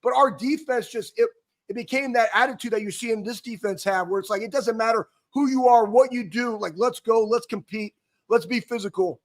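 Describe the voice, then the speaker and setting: A man in his forties co-hosting a talk show, telling a rambling, animated story with lots of stumbles and restarts. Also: very high-pitched, fairly quick. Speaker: co-host, former player.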